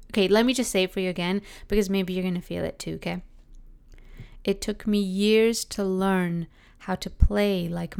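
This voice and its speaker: A woman's voice: medium pitch, gravelly, clear, resonant tone. A woman with a Canadian accent telling a reflective personal story in a conversational, thoughtful way, often dropping in "like". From Britain, raised in Canada. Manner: conversational, thoughtful, frequent 'like' fillers.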